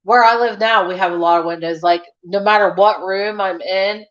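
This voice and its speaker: Her medium-pitched voice stays fairly even in intonation as this livestream host chats at a moderate pace, reading viewer comments and rambling through stories. Fillers and restarts come up often, and the sound is lo-fi.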